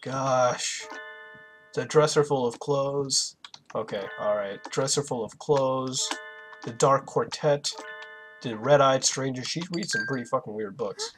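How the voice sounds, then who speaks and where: A young man hosting a let's play, giving casual, profane commentary and reacting loudly to the game. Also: medium pitch, measured pace, faint music behind.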